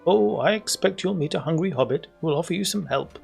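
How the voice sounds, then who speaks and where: A cryptic old wizard from a game. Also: male voice, fairly high pitch, lively intonation, fast, gravelly, darkish tone, faint music behind. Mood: wry, cryptic. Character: wise old wandering wizard, cryptic and kindly.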